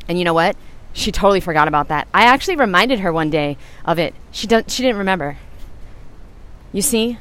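A woman's voice: fairly low pitch, lively intonation, fairly quick, fairly bright tone, clear, resonant tone. Earnest woman telling a motivational story. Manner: earnest, emphatic, speaks straight to listeners. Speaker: podcast host.

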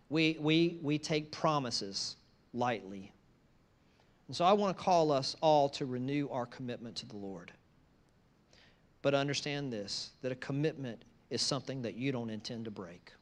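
A man preaching a sermon, moving from conversational asides to loud, emphatic repeated phrases. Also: medium pitch. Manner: conversational asides between scripture lines. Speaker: pastor.

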